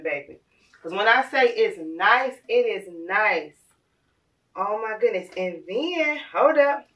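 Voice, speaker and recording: A woman, gushing and excitable as she unboxes on her vlog. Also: fairly high pitch, distant mic. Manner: gushing and excitable, addresses viewers as "y'all". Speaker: vlogger.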